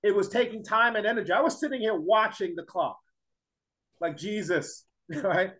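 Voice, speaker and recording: Emphatic male teacher with a high voice, lecturing and pressing the class with questions. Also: moderate pace, sharp tone, poor audio. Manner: emphatic, repeats points, fires rhetorical questions at the class.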